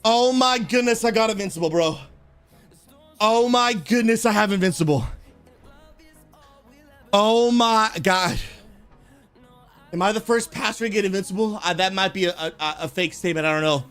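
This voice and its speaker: A man, a pastor who streams games, chatting live with his viewers and calling them bro, bursting into shouts and laughter. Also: high-pitched, normal speed, long pauses, clean tone, soft background music. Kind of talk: live gaming stream chat.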